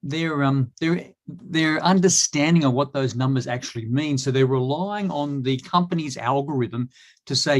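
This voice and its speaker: A man's voice: mid-range voice, brisk. A middle-aged Australian man talking as a guest in a casual online chat, hesitant with many fillers and restarts. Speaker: guest, cleaning industry expert.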